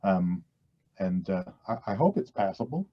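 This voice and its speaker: A middle-aged guest actor from western Canada chats loosely in an interview, rambling, self-deprecating, and restarting many times. His voice is low-pitched with big swings in pitch at a normal speed, captured in dull lo-fi audio.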